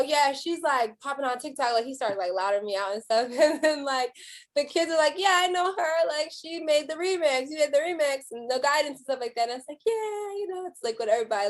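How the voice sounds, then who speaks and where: High, bubbly young woman. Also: brisk. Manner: bubbly, giggly, lots of "like". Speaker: singer and guest. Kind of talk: casual interview chat.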